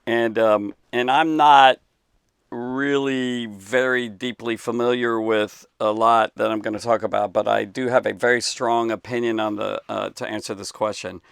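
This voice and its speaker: Gravelly male Bible teacher, dry close sound, emphatic off-the-cuff answer full of fillers. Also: medium pitch, steady tone, a bit bright, dry recording. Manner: emphatic, halting with many fillers and restarts. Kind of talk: unscripted talk to camera.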